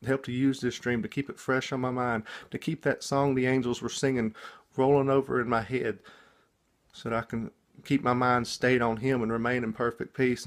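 A man telling about a dream he just woke up from, in a casual, halting testimony full of restarts and repeated words. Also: mid-range voice. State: just woken up.

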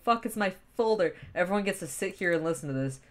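A woman's voice: on the low side, lively intonation, fast. A woman voice actor chatting casually between takes, swearing and laughing easily. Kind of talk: casual chat while recording a fan dub.

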